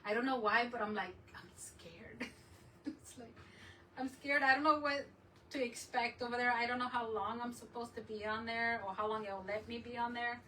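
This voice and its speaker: A woman hosts her crafting channel with loose, rambling talk and frequent laughs. Her voice is bright and sits a little high. She is a bit away from the mic, with a faint hiss underneath. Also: fairly even intonation, brisk, recorded from a distance, poor audio. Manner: rambling, chatty, laughs often. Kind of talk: casual live chat while crafting.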